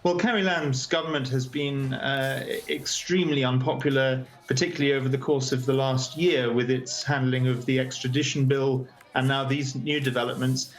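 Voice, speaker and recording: Man, advocacy chair, remote news interview over a video call; measured and earnest, mid pitch, frequent hesitations. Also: fairly even intonation.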